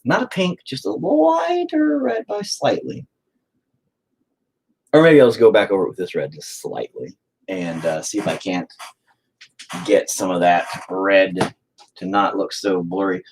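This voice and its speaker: A man's voice: low-pitched, lively intonation, normal speed, slight background noise, rough recording. A man chatting casually and profanely while painting on a livestream, rambling and joking. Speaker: streamer painting on camera.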